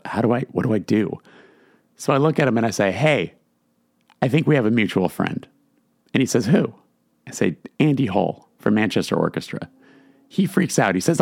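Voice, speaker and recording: A man's voice: medium pitch, no room sound, studio quality. A man hosting a podcast, telling a story in a casual, chatty way with many fillers. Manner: chatty, many fillers, quotes others in lively voices. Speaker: podcast host.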